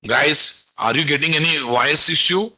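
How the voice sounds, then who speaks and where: A man lecturing a live online class, his voice very bright and forceful and pitched a little above the usual male range. He keeps firing rhetorical questions at his students and nudging them along with repeated check-ins. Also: moderate pace, low-quality recording. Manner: repetitive, coaxing teacherly delivery. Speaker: programming instructor.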